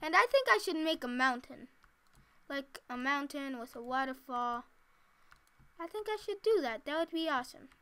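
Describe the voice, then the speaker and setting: A woman's voice: high voice, animated, moderate pace, a bit bright. A woman casually talking to herself while she plays a building game, chatty and giggly. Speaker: gameplay commentator. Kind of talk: casual let's-play commentary.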